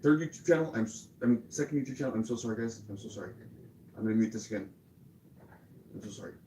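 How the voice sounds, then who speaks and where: A man's voice: on the low side, fast talker, warm tone, slight background noise. A frustrated man livestreaming, rambling and repeating his apologies in a flustered way. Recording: roomy echo.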